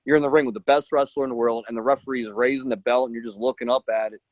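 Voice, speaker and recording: A man's voice: medium pitch, fairly even intonation, racing, no room sound, lo-fi sound. A male wrestler guest telling his story in a rambling casual way, acting out quotes with lots of "like". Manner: rambling, acts out quotes, many "like"s.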